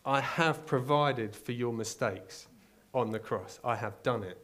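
A male preacher delivering a sermon, moving from quiet storytelling to loud, urgent exhortation. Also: medium pitch, a little slow, few pauses.

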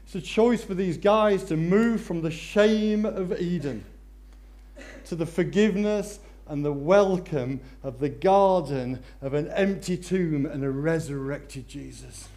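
A male preacher delivers a sermon with a voice sitting a little high for a man. He is animated, surging into loud, excited stretches and then dropping to hushed intensity. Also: unhurried.

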